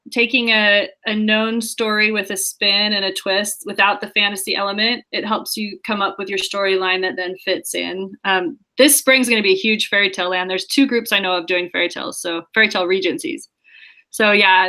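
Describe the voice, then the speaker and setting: A woman's voice: medium pitch, pushed and bright, low-quality recording. A woman author chatting casually and enthusiastically about writing, laughing often. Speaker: guest author. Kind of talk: casual chat.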